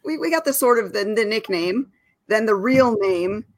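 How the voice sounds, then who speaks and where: A woman's voice: a little high, animated, normal speed, no echo. A woman, a parent, talking firmly and plainly in a casual chat.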